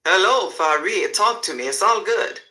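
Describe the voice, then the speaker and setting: Casting: man doing a Nigerian-accented male smuggler, high, piercing, upbeat and businesslike. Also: moderate pace, heavily acted, low-quality recording. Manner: pidgin phrasing, excited greetings.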